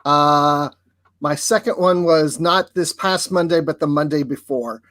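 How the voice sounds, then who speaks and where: A man's voice: on the high side, measured pace, fairly bright tone, no echo. A man appearing as a guest on a casual live discussion, playful and jokey.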